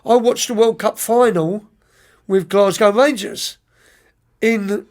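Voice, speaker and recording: A middle-aged man, a youth soccer coach, telling lively, rambling stories as a podcast guest, often restarting and repeating words. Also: high voice, slow. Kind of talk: anecdotal storytelling in an interview.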